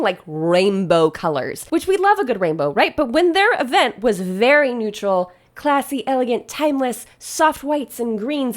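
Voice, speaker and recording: A woman wedding planner reacting to posts in casual, chatty commentary, laughing often. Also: a little high.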